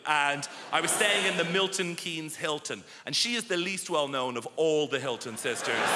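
Man, stand-up comic, punchy storytelling, live theatre, reverberant hall. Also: fairly high pitch. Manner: punchy storytelling, acts out quoted voices. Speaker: stand-up comedian. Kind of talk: stand-up comedy set. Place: large theatre stage. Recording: echoey theatre with loud audience. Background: audience laughter.

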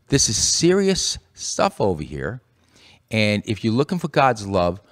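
Man, radio preacher, impassioned, repeats himself for emphasis, mid-pitched voice. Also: very animated, a little slow. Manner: impassioned, rising to forceful emphasis. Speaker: radio show co-host.

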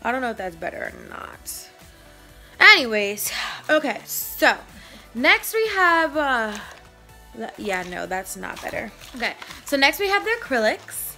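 A woman's voice: on the high side, sing-song, unhurried, pushed and bright, faint music behind. A young woman vlogging a shopping haul in a casual, slangy, playful way, a bit out of breath. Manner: chatty, slangy, playful, rambling.

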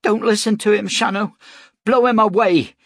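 A man performs, in heavily acted fashion, a fierce young frontier woman who talks bluntly and urgently, pitching his voice above his natural one. The result is high, expressive and slow, with vocal fry, a fairly bright tone and a breathy edge. The recording is dry and studio quality.

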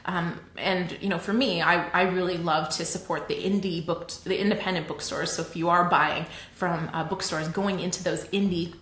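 Canadian woman, livestream host, chatty, animated, lots of laughter, roomy echo. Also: fairly low pitch, moderate pace, few pauses. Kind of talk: casual livestream teaching.

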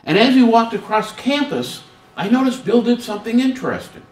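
In this workshop presentation, a guest speaker on student service talks in a very high-pitched voice at a fairly quick pace. He is animated and funny, acting out small dialogues, with a distant microphone picking up the roomy hall.

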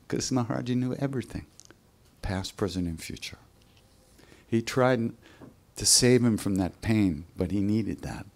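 At a live workshop, a man with a medium-pitched voice tells a spiritual story in a relaxed, conversational way. He acts out the voices of the people in it.

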